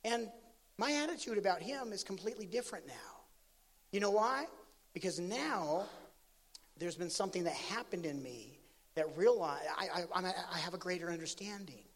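A man preaching and telling a story, with animated swings from loud outbursts to hushed asides. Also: high voice, normal speed, big-room sound. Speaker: pastor. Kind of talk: sermon storytelling.

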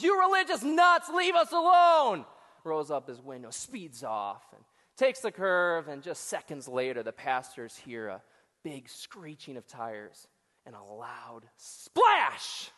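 A man's voice: a little high, animated, unhurried, a bit bright, big-room sound. A male associate pastor giving a joking, crowd-engaging sermon to a large church audience. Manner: joking, talks back to the crowd. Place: church auditorium before hundreds of people.

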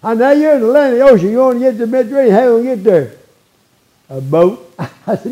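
A man in his eighties preaches a folksy sermon, chuckling between lines and frequently checking in with tag questions like "all right?" His very high voice has lively intonation, a quick pace, and a mellow quality, though the audio is dull.

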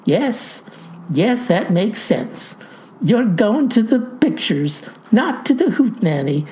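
A woman's voice: mid-range voice, very animated, slow pace, mellow. A woman voicing a flustered, bewildered young female postal clerk who exclaims in a rattled way. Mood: unsure.

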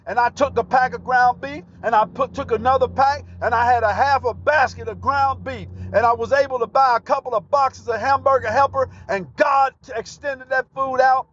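Fervent high-voiced preacher. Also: male voice, moderate pace, few pauses. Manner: fervent, bursts into shouted praise. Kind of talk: broadcast sermon testimony. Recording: dull lo-fi broadcast recording.

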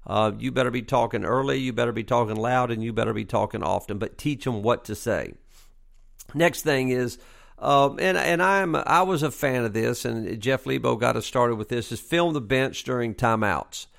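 Speaking at normal speed with a mid-range, fairly bright voice and some vocal fry, this middle-aged man talks through coaching tips casually. He's a basketball coach and podcast host who uses plenty of fillers and stresses key points by repeating them.

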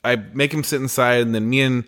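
A man's voice: mid-range voice, fairly even intonation, fairly quick, a bit bright. A man in his forties co-hosting a podcast, telling family stories in a candid, rambling way. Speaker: podcast co-host. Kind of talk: casual storytelling chat.

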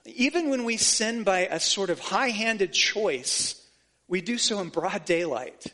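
A man's voice: high-pitched, expressive, unhurried, pushed and bright. A man preaching a sermon as pastor, earnest and emphatic, repeating phrases to drive points home.

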